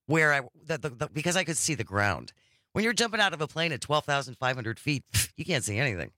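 A man's voice: fairly high pitch, bright, forceful tone, dry recording, clean studio sound. A middle-aged man co-hosting a radio talk show, chatting casually, chuckling and telling stories. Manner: chuckling, storytelling.

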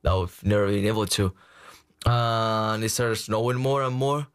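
A man's voice: lowish voice, moderate pace, smooth. A young man from Spain with a Spanish accent, a guest chatting casually and telling stories full of "like". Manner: relaxed, filler-heavy storytelling with frequent "like". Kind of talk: casual chat.

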